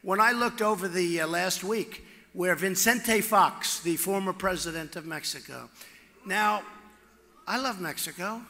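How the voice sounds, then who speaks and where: Bright, boastful man at a rally. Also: high voice, a little slow. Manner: repetitive, boastful, off-the-cuff; swings from loud shouting to hushed asides. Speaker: political candidate at a rally. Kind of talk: campaign rally speech. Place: large rally venue with crowd. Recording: echoey rally hall with long reverb.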